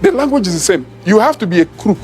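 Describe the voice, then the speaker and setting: A middle-aged Nigerian man, an apostle, preaches an emphatic sermon, acting out quoted voices and laughing at his own points. His voice is high, sing-song and a little mellow, and he talks fast, with faint music behind him.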